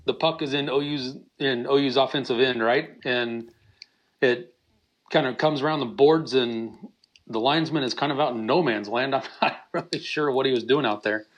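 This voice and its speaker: A man's voice: mid-range voice, moderate pace. A man co-hosting a podcast, telling stories in casual chat. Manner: storytelling, animated when retelling yelling. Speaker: podcast co-host.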